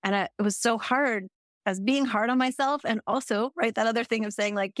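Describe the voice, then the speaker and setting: A woman's voice: a little high, fairly quick, fairly bright tone, no echo, studio quality. A woman speaking as a podcast guest, thoughtful and empathetic, reflecting aloud in a conversational way. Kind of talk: reflective conversational interview talk.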